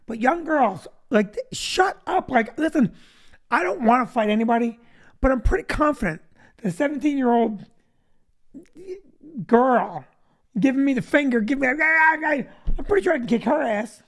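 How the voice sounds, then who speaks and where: A man's voice: extremely high pitch, lively intonation, normal speed, pauses often. A middle-aged man hosting a comedy talk show, telling rambling, wry stories in casual chat. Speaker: comedian host.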